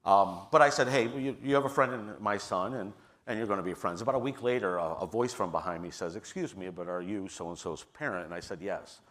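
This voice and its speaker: A man's voice: lowish voice, fairly quick, a bit bright. A middle-aged man on a panel, telling an earnest personal story with some restarts. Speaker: panelist, theater leader. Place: stage at a public forum.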